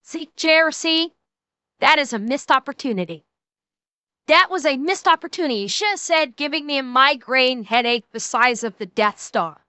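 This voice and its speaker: A woman's voice: sits high, lively intonation, moderate pace, pushed and bright, no room sound. A woman streamer giving casual, sarcastic commentary and speaking directly to her chat. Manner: chatty, sarcastic, talks straight to chat. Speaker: streamer reacting to a video.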